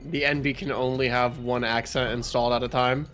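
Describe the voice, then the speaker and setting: A man's voice: mid-range voice, level tone, brisk, a bit bright, faint music behind. A man co-streaming a game, dropping dry quips from the side.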